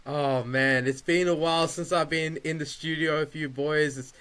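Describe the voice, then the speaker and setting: A man's voice: fairly high pitch, fairly even intonation, moderate pace, fairly bright tone, clear, resonant tone. A man, a returning guest on a podcast, chatting in a friendly, easygoing way. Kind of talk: casual podcast chat.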